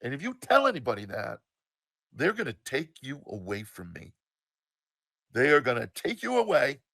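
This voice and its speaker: Man impersonating a stressed 60s mother, raised, sharp, insistent, dry close sound. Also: mid-range voice, no echo. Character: angry frightened 1960s mother, smoker.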